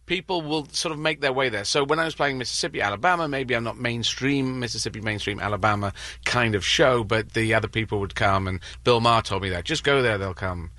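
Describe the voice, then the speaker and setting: A man's voice: mid-range voice, fast, bright, forceful tone, dry recording. A man with an English accent, a comedian guest telling rambling, self-correcting stories in a casual interview.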